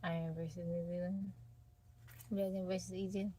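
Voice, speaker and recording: Woman, livestream host, low voice, relaxed chat with viewers. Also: moderate pace, slight background noise. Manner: laid-back, laughing, reads out and greets chat. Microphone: phone.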